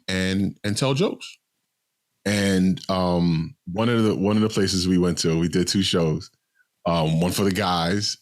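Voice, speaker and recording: A man telling a long story on a podcast, rambling with many ums and restarts. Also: deep voice. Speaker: podcast co-host, comedian. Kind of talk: casual storytelling chat.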